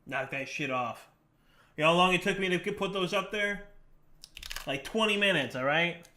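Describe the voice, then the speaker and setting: A young man streaming live and chatting casually. He jokes at his own expense and talks to his cats and his viewers in a bright, forceful voice pitched a bit above a typical man's. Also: normal speed, a little hiss or hum. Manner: joking, self-deprecating, talks to cats and chat.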